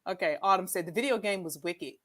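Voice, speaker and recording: A woman hosting a casual livestream chat, reading viewer comments aloud, animated and quick to laugh, saying "y'all". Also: on the low side. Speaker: livestream host.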